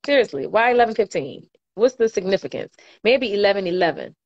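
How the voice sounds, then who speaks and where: A woman's voice: mid-range voice, lively intonation, brisk, highs cut off. A woman, chatting casually on a livestream and reading viewer comments aloud with slangy laughter. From New Orleans, US. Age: 20s. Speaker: livestream host.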